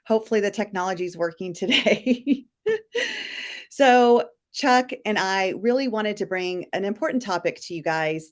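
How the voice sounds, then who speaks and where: Woman co-host, earnest coaching tone, live stream chat. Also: fairly low pitch. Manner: earnest, coach-like, tells client stories. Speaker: co-host of a live talk show.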